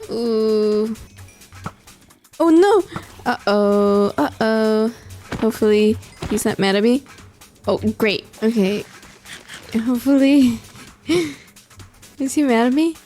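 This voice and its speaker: A woman's voice: on the high side, expressive, takes it slowly, pauses often, mellow, faint music behind. Weary, pleading young woman gamer. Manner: pleading, exasperated, laughs often. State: tired late at night. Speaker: gaming vlogger. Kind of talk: casual gameplay commentary.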